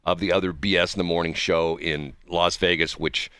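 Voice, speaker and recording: A man co-hosting a morning radio show, chatting casually and rambling through animated stories. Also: deep voice, moderate pace, smooth, dry recording, clean studio sound. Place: radio studio.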